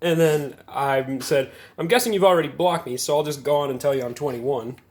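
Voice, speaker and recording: A man's voice: on the high side, fairly quick, darkish tone. A man in his twenties casually telling a story to camera, rambling and self-amused, with lots of fillers. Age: 20s. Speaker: gaming video creator.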